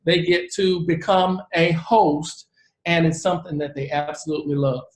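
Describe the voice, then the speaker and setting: Man, forties, real estate presenter, earnest animated storytelling, roomy echo. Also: a little high, normal speed. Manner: earnest, animated storyteller who acts out the people he quotes.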